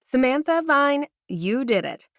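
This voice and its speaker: A woman's voice: mid-range voice, very animated, measured pace, dry recording, studio quality. A woman narrator voicing a boisterous, cheering woman friend in an audiobook.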